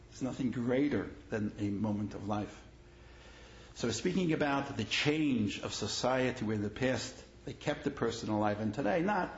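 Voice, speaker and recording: A gravelly-voiced rabbi lectures to an audience in an echoey hall, the recording dull and lo-fi with a faint hiss. He repeats his phrases and presses his points harder as his stories build. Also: mid-range voice. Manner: grows animated and emphatic in stories, repeats phrases. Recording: echoey room, dull lo-fi sound, faint noise.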